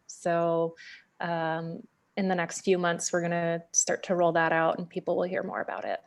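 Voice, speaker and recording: Brief: flat, low woman, halting delivery, dry close audio. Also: no echo. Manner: halting, many fillers. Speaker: business owner. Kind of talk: casual business update.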